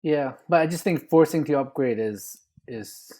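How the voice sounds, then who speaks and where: A man's voice: on the high side, moderate pace, dark tone. A man co-hosting a casual panel chat, talking loosely and tagging his points with "right?". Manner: chatty, tags points with "right?". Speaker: podcast co-host.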